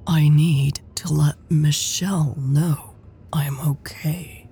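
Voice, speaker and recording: A woman voicing a dazed, injured young woman who talks in a croaky, impatient way in an audiobook. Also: on the low side, slow pace, mellow, full character voice. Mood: impatient urgent.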